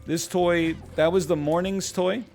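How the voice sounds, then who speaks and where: A man's voice: high voice, unhurried, gravelly, faint music behind. A man giving casual, rambling gameplay commentary, joking and telling stories as he plays. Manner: rambling, joking, animated storyteller. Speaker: gaming commentator.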